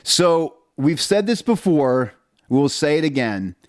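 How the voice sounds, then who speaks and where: A man's voice: on the high side, big pitch swings, takes it slowly. A man co-hosting a casual podcast from his home basement, telling rambling, joking stories. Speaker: podcast co-host. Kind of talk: casual chat.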